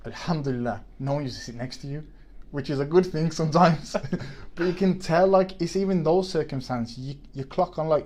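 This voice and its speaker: A man's voice: a little high, normal speed, few pauses, a little mellow. A man, chatting on a podcast and telling a story with many restarts. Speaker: podcast co-host. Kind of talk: casual chat.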